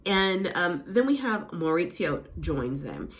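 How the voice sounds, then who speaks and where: A woman hosting a casual reality TV recap, chatty and animated, who often slips into quick impressions of the cast. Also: on the low side. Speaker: recap host.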